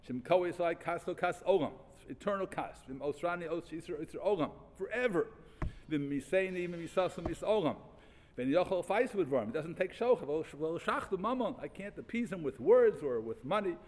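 A man teaching a Talmud class, reading passages and restating them in animated, repeated phrases. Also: a little high, brisk, in a large hall, slight background noise. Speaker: Torah teacher.

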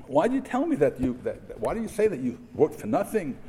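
A man's voice: fairly high pitch, sing-song, fairly quick, hardly any pauses, dark tone. A middle-aged man giving a sermon to a yeshiva audience, emphatic, asking rhetorical questions and mixing in Hebrew terms. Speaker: rabbi giving a memorial talk.

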